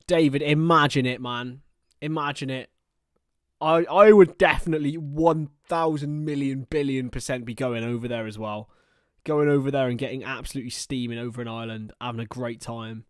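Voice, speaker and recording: A man's voice: mid-range voice, normal speed, smooth, no echo, studio quality. Chatty young man streaming football commentary. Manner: chatty, excitable, laughs often. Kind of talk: casual live football watchalong commentary.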